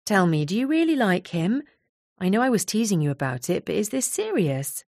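A woman voicing a caring female friend who reassures gently in an audiobook. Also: mid-range voice, very animated, fairly quick, no echo, clean studio sound, pitched above the performer's own voice. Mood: comforting.

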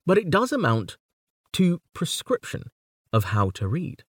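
Measured man reading a lecture on verse. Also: on the high side, huge pitch swings, breathy edge, no echo, studio quality. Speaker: lecturer on poetry. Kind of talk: scripted educational narration.

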